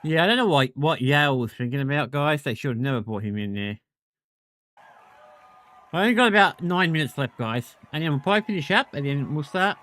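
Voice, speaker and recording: A man's voice: a little high, lively intonation, fairly quick, fairly bright tone. A man hosting a livestream, venting his frustration in casual chat. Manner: irritated, venting. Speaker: stream host.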